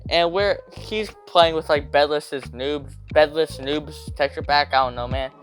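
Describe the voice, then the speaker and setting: A young man telling a rambling, slangy storytime rant, hopping into quick voices for quotes. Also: a little high, fairly bright tone, faint music behind.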